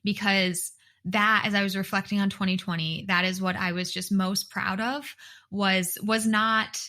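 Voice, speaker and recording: A woman's voice: mid-range voice, fairly even intonation, normal speed, sharp tone. A woman in her thirties hosting her own podcast alone from her bedroom, talking in an earnest, heartfelt way and repeating words for emphasis. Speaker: podcast host and dietitian. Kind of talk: solo podcast monologue.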